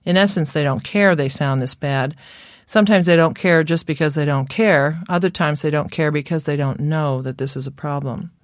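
Low-pitched and free of echo, the studio-quality voice belongs to a woman teaching about speech therapy. Her instructional narration is scripted and deliberate, slow and careful, with sounds demonstrated along the way.

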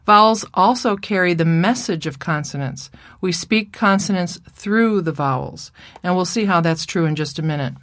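Woman clinician, slightly low voice, dry close mic, measured lecture delivery. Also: no room sound. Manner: clear, measured teaching voice with playful child and mother impressions. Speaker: speech therapy presenter. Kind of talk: recorded lecture presentation.

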